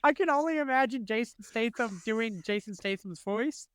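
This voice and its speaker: A man co-hosting a casual podcast chat, animated and quick to laugh. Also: clean tone, no room sound, clean studio sound. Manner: animated, laughing, swings in pitch. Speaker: podcast co-host.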